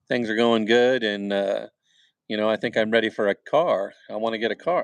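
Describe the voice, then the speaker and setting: A man's voice: fairly low pitch, steady tone, normal speed, creaky, clear, resonant tone, dry recording. A man hosting a casual fireside chat, telling jokes in an easygoing, folksy way with lots of fillers. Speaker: host. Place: outdoors by a fire.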